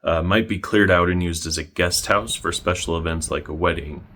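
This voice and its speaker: Young male vlogger, low-pitched, deadpan narration with dry wit. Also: normal speed. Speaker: history vlogger.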